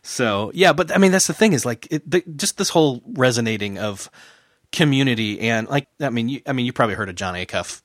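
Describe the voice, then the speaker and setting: A man hosting a relaxed podcast chat, pausing and repeating himself as he feels his way toward a point. His pitch is ordinary, and the sound is close and dry. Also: dry recording. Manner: halting, searching for words, repeats himself. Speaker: podcast host. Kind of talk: casual conversation.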